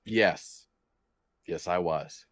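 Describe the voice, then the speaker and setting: A man taking part as a player in a tabletop game, with short, deadpan replies. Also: sits low, extremely slow, no echo. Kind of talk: tabletop role-play.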